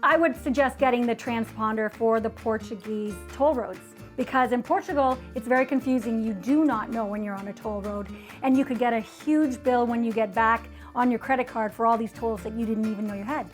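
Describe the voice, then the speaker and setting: A woman with a bright, high-pitched voice shares travel advice in a casual, chatty vlog. She tells her stories with easy laughter, and faint music plays underneath. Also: brisk. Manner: chatty storytelling, laughs easily. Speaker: travel vlogger co-host. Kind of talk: casual travel tips chat.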